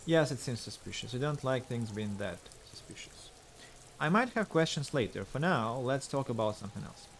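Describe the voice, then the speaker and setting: A man's voice: mid-range voice, expressive, normal speed, a little hiss or hum. A man streaming a game, a native Russian speaker reading its dialogue aloud in English with hesitant fillers.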